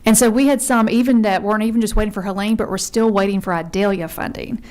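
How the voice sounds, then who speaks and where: A woman from Georgia testifies before a legislative committee in an earnest, conversational way, dropping a friendly y'all now and then. She talks quickly and keeps going without pause, in a voice of middling pitch for a woman. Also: fairly even intonation, darkish tone. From Georgia, USA. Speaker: member service consultant testifying to a committee.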